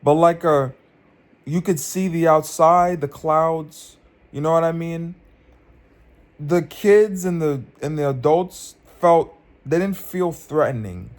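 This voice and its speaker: Young male vlogger, slightly high voice, rambling dream storyteller on a phone mic. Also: slow. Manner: rambling, many restarts and fillers.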